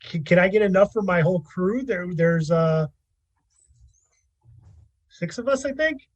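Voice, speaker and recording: A man's voice: high-pitched, animated, measured pace, no room sound. A man playing a tabletop game, speaking casually and stammering a little, sometimes in character. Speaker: player.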